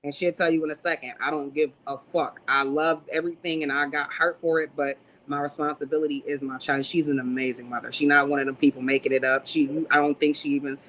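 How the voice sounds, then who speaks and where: A woman's voice: low voice, steady tone, fast talker, hardly any pauses, fairly bright tone, lo-fi sound, a little hiss or hum. A woman on a livestream talk show, giving blunt, profane advice in a preachy way.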